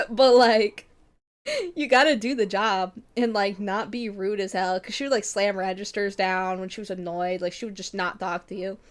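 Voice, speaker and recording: A young woman streamer talks casually with her audience. She rambles through her stories, swears freely and laughs often. Her voice sits at an ordinary pitch for a woman. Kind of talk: casual chat.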